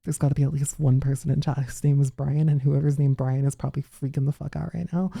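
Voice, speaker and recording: A woman's voice: rumbling low, vocal fry, mellow, breathy edge. A woman live streamer chatting casually with her viewers, reading messages aloud, laughing often and swearing freely. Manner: giggly and profane, reads chat aloud.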